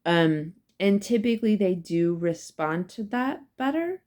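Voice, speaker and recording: A woman's voice: mid-range voice, animated, a little slow, a little mellow. A woman professor giving a casual, chatty psychology lecture, emphatic and full of fillers and asides.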